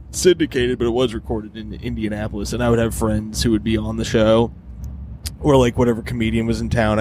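A man's voice: on the low side, darkish tone, a little hiss or hum. Laid-back man hosting a podcast. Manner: laid-back, rambling, swears casually. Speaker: podcast host, stand-up comedian. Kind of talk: casual podcast chat.

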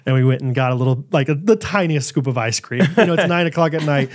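A man in his thirties co-hosting a podcast, telling family stories in a casual, animated way with frequent laughter. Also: medium pitch, quick pace. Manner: animated storyteller, laughs often. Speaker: podcast co-host. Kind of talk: casual chat.

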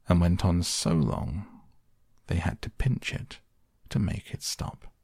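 Male bedtime narrator, very low and husky, slow and soothing. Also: fairly even intonation, a little mellow, no room sound, clean studio sound. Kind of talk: soft bedtime story reading.

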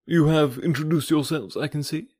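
A man's voice: a little high, normal speed, a little mellow, husky, dry recording, clean studio sound. A man voicing an adult male naturalist in an audiobook, talking in an easy, unconcerned way. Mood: guarded. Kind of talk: audiobook character voice.

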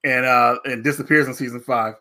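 A man hosting a podcast, casually retelling a series and acting out the characters in animated raised voices. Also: medium pitch, a little fast. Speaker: podcast host. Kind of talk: casual review chat.

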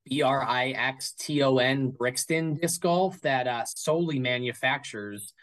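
A man in a relaxed interview, rambling as he talks. He stops and restarts his sentences and fills the gaps with ums and likes, in a voice of middling pitch. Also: measured pace, rough recording. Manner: rambling, full of fillers and restarts. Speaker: guest card collector. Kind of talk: casual interview chat.

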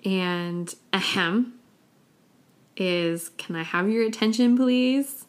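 A woman's voice: on the high side, animated, takes it slowly. A young woman hosting a casual solo podcast, playfully acting out little sounds and laughing often. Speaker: podcast host.

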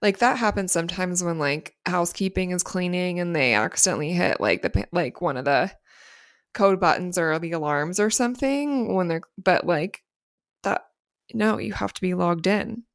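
Low-voiced chatty woman co-host. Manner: quick to react, chatty, swears casually. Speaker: podcast co-host. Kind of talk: casual chat, reading listener stories.

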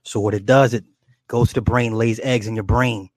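A man casually retelling a horror movie's plot in a rambling, animated and profane way, with many restarts. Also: lowish voice, moderate pace, no echo. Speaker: storyteller recounting a horror movie.

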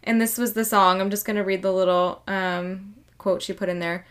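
A woman reads a listener's personal story aloud on a podcast. Her delivery is earnest and she grows choked up at times. Her pitch sits in a middle range. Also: flat delivery, moderate pace, hardly any pauses, smooth. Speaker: podcast co-host.

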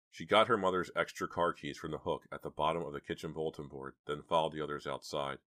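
Deep-voiced male audiobook narrator. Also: steady tone, quick pace, few pauses, sharp tone, no echo.

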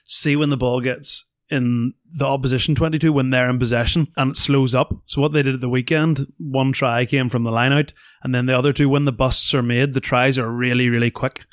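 Flat-toned man giving rugby analysis. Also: medium pitch, a little fast, hardly any pauses, no room sound, studio quality. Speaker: podcast guest, former rugby player. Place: podcast studio.

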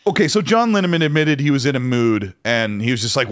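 A man's voice: mid-range voice, sing-song, fast, hardly any pauses. A man co-hosting a casual gaming podcast, talking in a rambling way with frequent restarts. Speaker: co-host.

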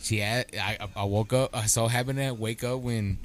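A middle-aged man co-hosting a podcast, telling animated stories in casual chat, acting out quotes and swearing freely. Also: medium pitch, moderate pace. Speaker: podcast co-host.

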